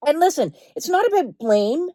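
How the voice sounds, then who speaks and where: Her voice sits high with big pitch swings and a warm tone, delivered at a moderate pace with no echo. She's a spiritual healing coach giving an impassioned direct-to-camera talk, blunt and swearing freely, elongating words to hit them harder before easing into soothing reassurance.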